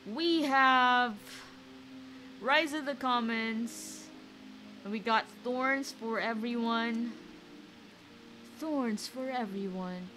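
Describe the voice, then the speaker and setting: A woman's voice: on the high side, extremely slow, pauses often, slight background noise, rough recording. A woman, chatting and reacting aloud as she streams a card game from home. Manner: chatty, excitable, reacts aloud to each play. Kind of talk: live gameplay commentary.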